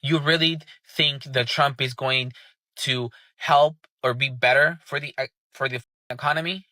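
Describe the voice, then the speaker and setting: A man's voice: medium pitch, steady tone, a little slow, pushed and bright, dry recording. A man ranting angrily and sarcastically, swearing heavily in casual commentary. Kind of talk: angry profane rant.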